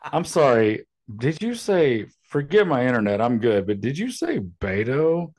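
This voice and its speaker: Blunt man with a lively voice. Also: mid-range voice, measured pace. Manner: blunt, crude, dismissive. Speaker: podcast co-host. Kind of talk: casual podcast banter.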